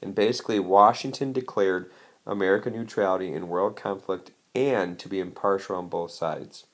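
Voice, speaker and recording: A man's voice: deep voice, fairly even intonation, normal speed. A man teaching a history lesson in a casual, chatty way, explaining slides with frequent asides. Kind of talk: recorded lecture over slides.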